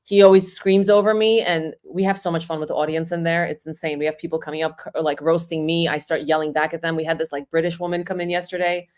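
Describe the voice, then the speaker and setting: A woman's voice: sits low, fast, few pauses. A woman whose first language is Russian, a guest on a livestream chat, telling stories animatedly and acting out what people said. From New York area. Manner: animated storyteller who acts out quotes. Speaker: guest impressionist.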